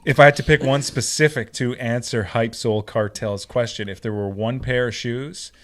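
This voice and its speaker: Relaxed, joking male podcast co-host. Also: mid-range voice, normal speed. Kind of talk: casual chat.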